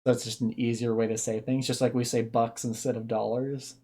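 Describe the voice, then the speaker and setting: Mellow-voiced streamer musing aloud. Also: mid-range voice, flat delivery, fairly quick. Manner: thinking aloud, musing, explaining at length. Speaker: streamer reacting to videos. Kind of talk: casual reaction commentary.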